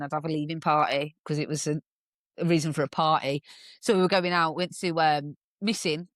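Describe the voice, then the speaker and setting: Animated English woman telling stories. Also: low voice, no room sound, clean studio sound. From England. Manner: animated, acts out voices, swears, laughs often. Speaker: podcast guest. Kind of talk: casual storytelling chat.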